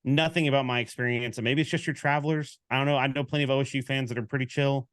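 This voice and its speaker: A man co-hosting a sports talk show, chatting casually and animatedly. He tells anecdotes by acting out each side of the conversation. His voice sits at an everyday middle pitch and sounds close and dry. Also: quick pace, no room sound. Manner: animated storyteller, acts out quoted exchanges. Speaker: podcast co-host.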